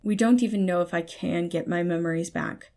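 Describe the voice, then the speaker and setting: A woman voicing a stubborn young man who speaks coldly and slowly through clipped words. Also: lowish voice, warm tone, close to an everyday voice. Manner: clipped, cold, slow. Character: stubborn, stiff young man, flat and proud.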